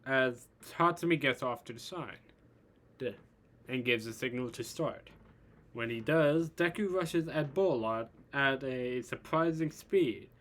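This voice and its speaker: A man narrating a fan-made story in an unhurried, halting way. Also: medium pitch, a bit bright.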